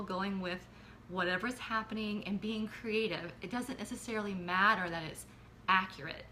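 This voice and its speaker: A woman's voice: medium pitch, sharp tone, slight background noise. A middle-aged woman co-hosting a casual parenting chat, friendly and guiding the discussion. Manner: friendly, guiding, keeps the segment on track. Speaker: co-host, parent.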